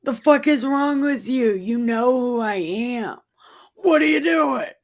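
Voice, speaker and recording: A woman's voice: fairly low pitch, unhurried. A woman voicing a brash, exasperated male savior figure who scolds crudely and impatiently in a comic Bible retelling. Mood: scolding.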